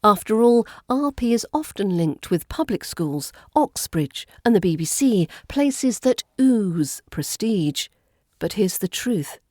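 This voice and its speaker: Crisp English RP woman accent coach. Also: medium pitch, sing-song, slow pace, darkish tone, dry recording, studio quality. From England. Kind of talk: scripted podcast narration.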